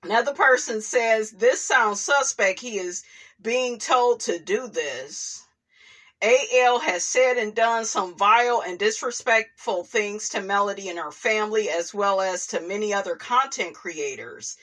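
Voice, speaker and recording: A woman hosting a casual gossip commentary vlog. She reads viewer comments aloud and adds sassy, expressive asides, calling her audience "honey" and "child" and laughing often. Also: mid-range voice, unhurried. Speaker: commentary channel host.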